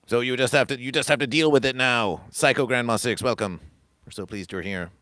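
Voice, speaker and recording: A man's voice: mid-range voice, brisk, pushed and bright, no room sound. A man hosting a livestream, ranting in a grandiose, repetitive, preacher-like cadence. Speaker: livestream host. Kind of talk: rambling comic livestream monologue.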